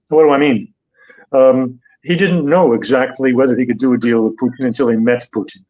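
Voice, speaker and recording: An older man as a guest analyst in an interview, speaking deliberately, with frequent hesitations and fillers. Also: medium pitch, a little mellow, low-quality recording.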